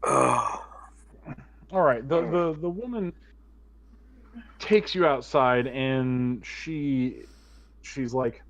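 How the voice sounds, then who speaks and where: A man narrates as game master of a tabletop role-playing game, playful and quick to laugh. His voice is mid-range and a bit bright, with the highs cut off.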